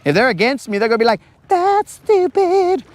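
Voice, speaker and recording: High-voiced man joking on a fishing boat. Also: lively intonation, racing. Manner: playful, acts out imagined dialogue in put-on voices. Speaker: podcast host. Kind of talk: casual joking monologue.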